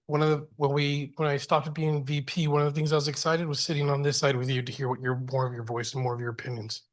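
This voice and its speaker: A man's voice: fairly high pitch, flat delivery, quick pace. A middle-aged man speaking as a school board trustee, earnest and heartfelt, often restarting his sentences. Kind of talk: board meeting remarks.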